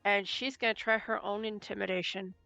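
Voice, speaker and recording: A woman's voice: mid-range voice, steady tone, brisk, gravelly, pushed and bright, no echo, muffled recording, faint music behind. A woman playing a tabletop game, describing what her character does. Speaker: player. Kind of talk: casual tabletop play.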